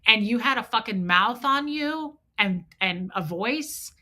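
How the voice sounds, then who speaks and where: A woman hosts a livestream with a bright, forceful voice. She tells her story bluntly and with plenty of swearing. She acts out both sides of old arguments. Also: fairly high pitch, expressive, measured pace. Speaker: host.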